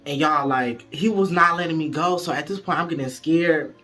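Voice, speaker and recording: A man telling a story to viewers in a casual, profane, animated way, speaking straight to the audience. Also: fairly high pitch, normal speed, faint music behind.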